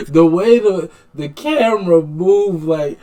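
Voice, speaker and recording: A man's voice: sits high, mellow. A man with a slightly raised voice reacts in casual chat. He rambles and restarts his sentences, eager to share his views. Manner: rambling, halting enthusiasm. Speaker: reaction video host.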